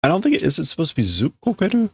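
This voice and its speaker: A man's voice: on the high side, huge pitch swings, rapid-fire, gravelly, slightly rough, dry recording. A man casually reading and translating aloud, thinking over word meanings as he goes. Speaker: streamer reading manga aloud.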